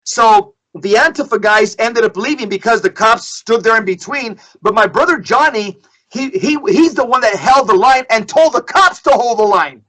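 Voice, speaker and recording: A man's voice: extremely high pitch, lively intonation, normal speed, pushed and bright, low-quality recording. A middle-aged man telling a story in a podcast discussion, emphatic, often repeating himself and acting out what others said. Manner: emphatic, repeats phrases, acts out quotes. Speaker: guest speaker.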